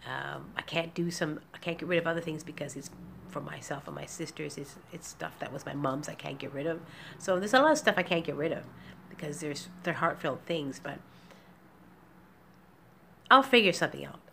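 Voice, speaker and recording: A woman's voice: low voice, lively intonation, moderate pace, vocal fry, sharp tone, slight background noise. Candid, tearful woman vlogging at home. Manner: rambling, tearful, candid, with nervous laughs. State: emotional, near tears. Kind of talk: emotional personal vlog. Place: small apartment indoors.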